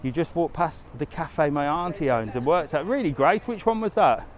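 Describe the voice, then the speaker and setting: A man's voice: on the high side, lively intonation, moderate pace, soft background music. A man hosting a casual live walking tour outdoors, chatting easily to his viewers and reading their comments aloud. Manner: chatty, easygoing, talks straight to viewers. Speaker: travel vlogger and live-stream host. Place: outdoors on a resort street, walking.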